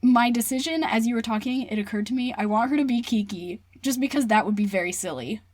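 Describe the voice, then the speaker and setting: A woman co-hosting a casual book club podcast, chatty and hedging, quick to play down her own opinions. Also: fairly high pitch, dry recording. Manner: lively, hedging, self-deprecating. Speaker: podcast co-host.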